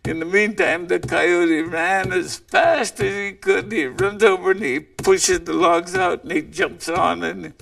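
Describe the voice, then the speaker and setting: Slow, gravelly male storyteller. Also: high voice, steady tone, a bit bright. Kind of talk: oral legend telling. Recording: voice distant from the mic.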